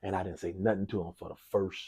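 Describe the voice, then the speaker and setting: A man's voice: sits low, fast, breathy edge. A man, a basketball coach telling a long personal story in an interview, repeating himself and acting out the dialogue. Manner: animated storyteller, acts out dialogue, frequent repetitions and "y'all". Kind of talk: storytelling in a sports talk interview.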